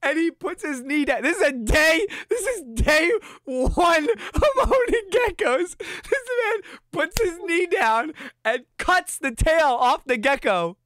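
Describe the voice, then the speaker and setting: Streamer in their twenties spinning a funny anecdote, animated and laughing, dry close sound. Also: very high-pitched, slow, few pauses, no room sound. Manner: animated, laughing often, acting out quotes. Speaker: streamer telling a story. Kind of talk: casual storytelling chat.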